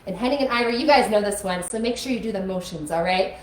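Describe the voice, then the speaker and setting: A woman's voice: mid-range voice, quick pace, very noisy. Upbeat woman coaxing kids in a roomy echo. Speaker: children's music teacher. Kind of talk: kids' live stream lesson with singing. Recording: echoey room with faint music.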